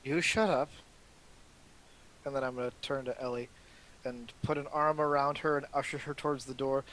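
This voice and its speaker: A man's voice: medium pitch, little pitch movement, brisk, a bit bright, rough recording. A man playing a character in a tabletop role-playing game, joking playfully. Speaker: player. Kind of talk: tabletop role-play as a player. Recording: faint hiss.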